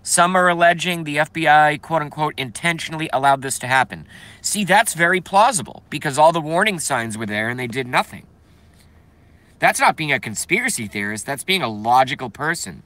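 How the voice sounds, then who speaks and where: A man's voice: a little high, animated, a little fast, sharp tone, no room sound. A man hosting a casual livestream, reading viewer comments and ranting bluntly with profanity, congested and coughing now and then. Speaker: livestream host.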